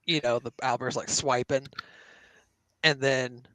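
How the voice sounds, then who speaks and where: Jokey tabletop player with a bright voice. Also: male voice, mid-range voice, fairly even intonation, a little slow, no echo. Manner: jokey, rambling with fillers.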